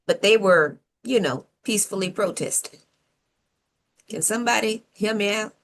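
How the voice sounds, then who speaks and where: A woman's voice: mid-range voice, moderate pace, fairly bright tone. A woman co-hosting a civic talk show, delivering opinionated commentary with sarcastic rhetorical questions and playful whoops.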